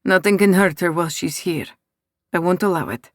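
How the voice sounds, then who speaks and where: A woman voicing a commanding Italian mafia boss, an adult man who speaks low and soft with an Italian accent. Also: a little fast, no echo, studio quality, natural voice. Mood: firm.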